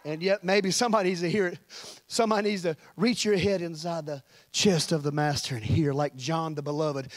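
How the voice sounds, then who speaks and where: A man's voice: fairly high pitch, fairly even intonation, a little fast. A man preaching a sermon as pastor, in an impassioned, colloquial style.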